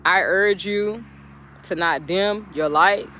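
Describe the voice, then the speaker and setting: A woman motivational speaker, talking outdoors in an animated, laughing vlog pep talk. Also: medium pitch, slow pace, slight background noise. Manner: animated, laughing often, talking straight to viewers. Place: outdoors, birds in background.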